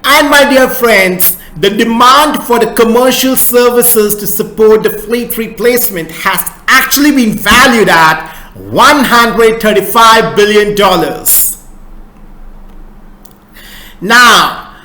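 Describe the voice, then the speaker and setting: Earnest man lecturing slowly. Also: high-pitched, animated, bright, forceful tone, reverberant, low-quality recording. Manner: earnest, repetitive, addresses viewers as friends. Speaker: economics educator. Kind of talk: explanatory lecture on news.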